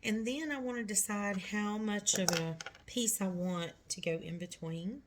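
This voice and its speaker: A woman's voice: mid-range voice, measured pace, a little hiss or hum. A middle-aged woman talking through a nail tutorial step by step, chatty and reassuring.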